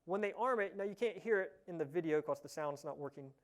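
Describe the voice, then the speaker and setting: A fairly high-voiced man presents a tech talk at a conference. He speaks in a relaxed, chatty way and fills pauses with "uh" and "um". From Ohio, USA. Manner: relaxed, chatty, many "uh" fillers. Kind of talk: casual tech talk with live demo. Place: conference session room.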